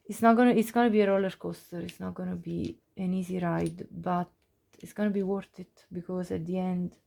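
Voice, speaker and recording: A woman's voice: fairly low pitch, vocal fry, a little mellow. A woman giving a casual pick-a-card tarot reading, chatty, with frequent laughs and many fillers and restarts. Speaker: tarot reader.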